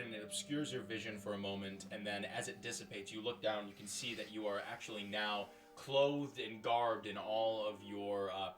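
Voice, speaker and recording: A man's voice: fairly low pitch, recorded from a distance. A man narrating as game master in a loose, laughing way full of fillers. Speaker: dungeon master.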